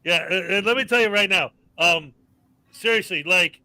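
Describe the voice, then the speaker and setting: High, bright-voiced ranting man. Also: moderate pace, dry recording, low-quality recording. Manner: ranting, reels off long lists. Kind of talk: casual live-stream chat.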